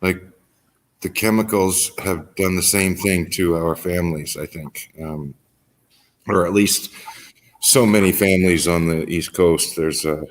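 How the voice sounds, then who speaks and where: A man's voice: low-pitched, unhurried. A man hosting a talk show, speaking reflectively and hesitantly with frequent ums. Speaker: host. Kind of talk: casual reflective chat.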